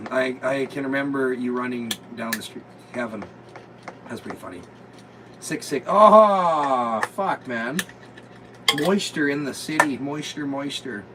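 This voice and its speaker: A man hosting a rowdy vlog from a motorhome, crude and joking with lots of swearing. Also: mid-range voice. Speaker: vlog host. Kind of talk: rowdy casual chat. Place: inside a motorhome. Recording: distant mic, noisy motorhome.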